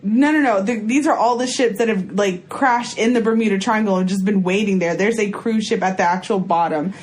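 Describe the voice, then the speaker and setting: A woman's voice: mid-range voice, a little fast, a little mellow. A young adult woman co-hosting a podcast in casual chat, bantering and swearing freely. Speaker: podcast co-host. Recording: faint background noise.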